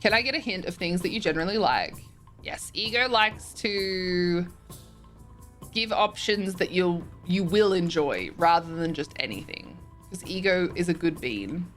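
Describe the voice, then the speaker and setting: A woman's voice: on the low side, animated, unhurried, fairly bright tone, faint music behind. A young woman streamer chatting casually as she reads and answers viewer messages, often giggling.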